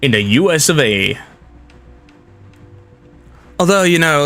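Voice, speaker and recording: A young man with a bright, forceful voice talks casually to his viewers as he plays. He rambles along in a friendly, easygoing way, reacting to the game and to chat. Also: on the high side, big pitch swings, takes it slowly, long pauses, faint music behind. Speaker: game streamer. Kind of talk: casual live-stream chat while gaming.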